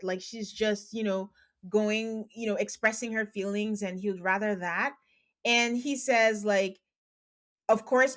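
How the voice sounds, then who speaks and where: A woman podcast host recapping a reality show in casual chat, animated and exasperated, acting out quotes. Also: medium pitch.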